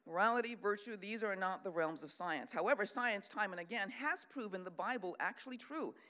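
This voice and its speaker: An earnest Christian speaker giving a sermon-style teaching talk at a middle pitch. The delivery is lecturing and unscripted, with restarts and reading from quoted books. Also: lively intonation, brisk, bright, forceful tone. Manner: earnest, lecturing, reads out long quotations.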